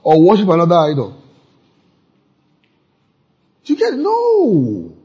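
Male preacher, husky and raised in pitch, reads verses and quizzes the congregation. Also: wildly swooping pitch, a little fast, warm tone, lo-fi sound. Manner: questions the congregation and reads scripture aloud, rising to emphatic peaks. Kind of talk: call-and-response sermon.

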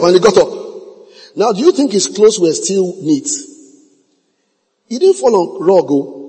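Male preacher, husky tone, dramatic swings in pitch, sermon heard in a reverberant church hall. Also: animated, mellow. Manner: emphatic, repeats key phrases, stretches words slowly. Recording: long reverb of a large hall.

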